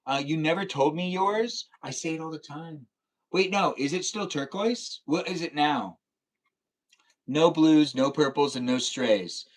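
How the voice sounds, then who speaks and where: Playful livestreaming man, slightly high voice. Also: unhurried. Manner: playful, teasing, talks straight to viewers. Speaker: livestreamer reading chat. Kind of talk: casual livestream chat.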